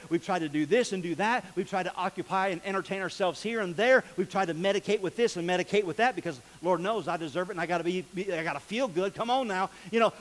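High-voiced, animated male preacher. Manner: folksy, animated preaching with shouts and laughs. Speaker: pastor. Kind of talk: sermon. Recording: long hall reverb.

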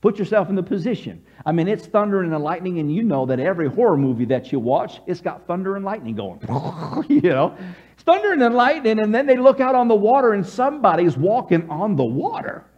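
A man preaching with a high voice that swoops up and down as he acts out his story. He chuckles along the way and has his congregation repeat lines after him. The recording sounds dull and lo-fi. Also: very animated, a little fast, a little mellow. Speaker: pastor. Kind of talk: sermon.

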